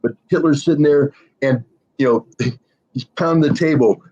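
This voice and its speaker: A man's voice: medium pitch, quick pace, a little mellow, muffled recording. A man speaking as a guest analyst in a livestream discussion, emphatic and sardonic, telling stories to make his point.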